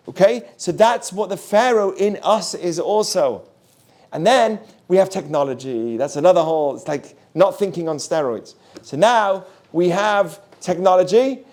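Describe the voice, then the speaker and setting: High-voiced animated rabbi. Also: male voice. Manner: animated, asks the audience questions, mixes in Hebrew terms. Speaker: rabbi teaching a class. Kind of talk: lively Torah class.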